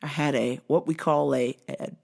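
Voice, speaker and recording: A woman's voice: sits low, normal speed, vocal fry, a little mellow. A woman hosting her own video blog, telling profane comic stories in a blunt, crude and emphatic way. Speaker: vlog host.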